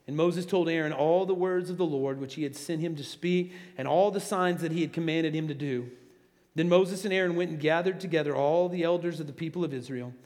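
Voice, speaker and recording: A man preaching a sermon as pastor, animated and building to emphatic peaks. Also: a little high. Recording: long hall reverb.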